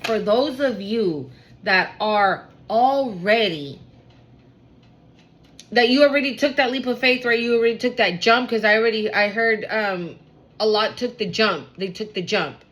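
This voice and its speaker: A woman giving a casual spiritual reading to her viewers, talking fast and excitably with lots of slang and casual swearing. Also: fairly high pitch, low-quality recording.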